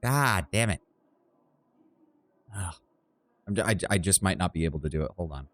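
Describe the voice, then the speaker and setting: Low-voiced self-deprecating male game streamer. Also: expressive, moderate pace, fairly bright tone. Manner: self-deprecating, thinks aloud with restarts. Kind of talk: casual livestream commentary. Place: his apartment.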